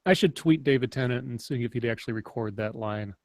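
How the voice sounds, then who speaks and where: A man's voice: medium pitch, fast, dry recording. A man hosting a casual online talk show, chatting, laughing often and reading news headlines aloud. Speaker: show host. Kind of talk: casual podcast chat.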